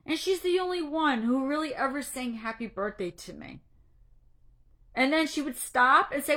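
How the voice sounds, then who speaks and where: Her voice sits high and a bit bright, with lively intonation at normal speed. Speaking directly to her livestream group about anxiety, this middle-aged coach is earnest and slightly preachy, tearful and clearly moved.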